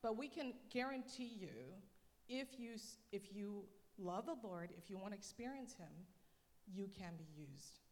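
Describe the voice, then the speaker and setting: A woman missionary speaking to a church congregation in a chatty, animated storytelling manner. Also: medium pitch, measured pace. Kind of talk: church talk. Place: church hall. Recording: long reverb of a large hall.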